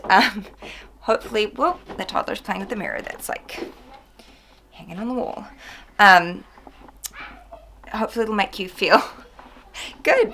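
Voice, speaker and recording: A woman with a medium-pitched, slightly bright voice narrates a casual vlog from her busy family home, where she homeschools. She chats away, pokes fun at herself and laughs a lot over the noisy household background.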